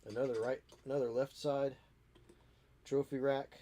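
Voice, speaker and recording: A man's voice: medium pitch, measured pace, dark tone, slight background noise. Sniffly man grumbling wryly. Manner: wry, self-mocking, grumbles at the kit. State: sniffly, stuffy nose. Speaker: miniature model hobbyist. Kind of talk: casual chat while building. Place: home hobby space.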